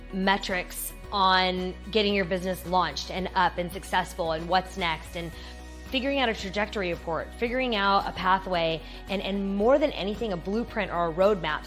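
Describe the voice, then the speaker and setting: A woman's voice: medium pitch, normal speed, fairly bright tone, soft background music. A woman CEO and business consultant speaking bluntly and seriously about results. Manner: blunt, serious, outcome-driven. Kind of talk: direct-to-camera talk.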